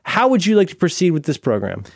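A man's voice: high voice, huge pitch swings, fast talker, gravelly, no room sound. A man co-hosting a podcast, bantering casually and tossing in jokes and mock bits. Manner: jokey, tosses in bits and mock Spanish. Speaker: podcast co-host.

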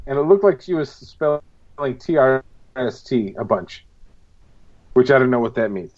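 A man of middle pitch chats loosely on a podcast, swearing casually and telling stories with animation. His recording sounds a bit dull and lo-fi. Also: expressive, moderate pace, a little mellow. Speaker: podcast co-host. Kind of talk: casual chat.

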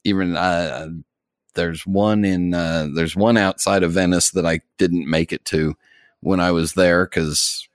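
An American man hosting a podcast, chatting in a relaxed, rambling way with fillers and soft laughs. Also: low voice, a little slow, no room sound, clean studio sound. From United States. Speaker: podcast host. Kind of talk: casual chat.

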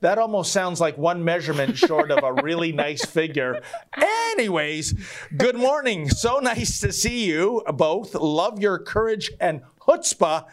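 A man's voice: high-pitched, animated, unhurried, few pauses. Joking male live-stream host. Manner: wry, joking, theatrical emphasis. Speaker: show host reading viewer chats. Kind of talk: casual live-stream talk.

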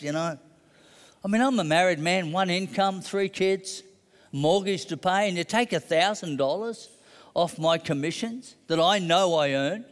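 A man's voice: high voice, measured pace, big-room sound. A middle-aged man preaching a sermon, telling a personal story conversationally and building to emphatic declarations.

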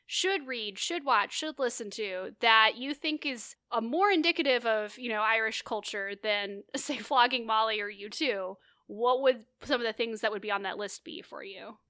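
Bright chatty woman podcast host. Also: fairly high pitch, normal speed, few pauses, no echo, clean studio sound. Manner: chatty, many "like" fillers, laughs easily. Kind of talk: casual chat.

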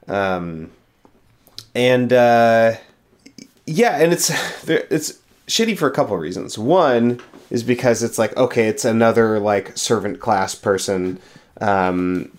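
A man co-hosting a casual chat, speaking haltingly with many fillers. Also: fairly low pitch, animated.

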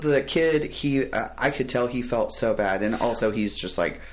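A young man hosting a podcast, telling stories in a casual, animated way and laughing often. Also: mid-range voice, normal speed. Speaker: podcast host. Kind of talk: casual chat.

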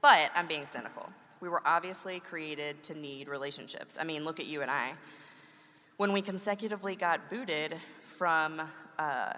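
Bright wry woman in a reverberant hall. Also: low-pitched, moderate pace, slight background noise. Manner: wry, playful humor. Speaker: co-host, mother. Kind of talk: scripted conversational reading.

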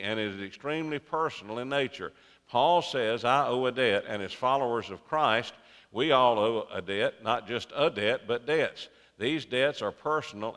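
An older man preaching a sermon as pastor, in a folksy, unhurried way that builds to emphatic peaks. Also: medium pitch, a bit bright. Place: church sanctuary. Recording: long reverberant sanctuary.

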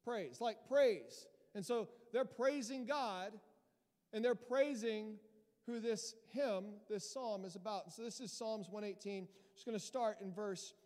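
Speaking unhurriedly, a pastor preaches in a church hall, his fairly high voice fading into lingering reverb. He stays animated and forceful, rising now and then to loud crescendos.

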